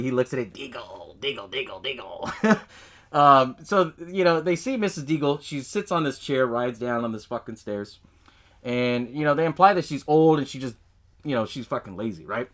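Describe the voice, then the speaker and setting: A medium-pitched, fairly bright male voice, animated and a little fast, belongs to a podcast host summarizing a film's plot. His easygoing recap is full of swearing and laughter, and he acts out movie lines as he goes.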